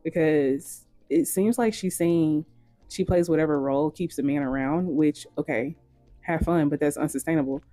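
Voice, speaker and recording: A woman talks through a scripted video commentary, frank and unfiltered, with casual swearing. Her tone is mellow, and the recording is close and dry. Faint music plays underneath. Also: low voice, moderate pace, dry recording.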